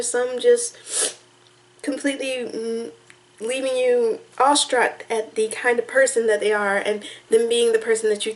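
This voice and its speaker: Young woman, tearful, slightly high voice, halting rambling vlog talk. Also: a little mellow, rough recording. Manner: rambling, halting, restarts often. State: tearful, crying on and off. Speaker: vlogger reacting to music. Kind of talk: casual emotional talk to camera.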